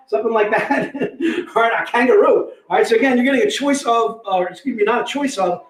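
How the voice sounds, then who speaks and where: Energetic male livestream host, high-pitched, jokey patter, roomy echo. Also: moderate pace. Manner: energetic, joking, repeats "all right". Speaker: livestream host selling comic packs. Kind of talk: casual sales livestream chat. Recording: echoey room.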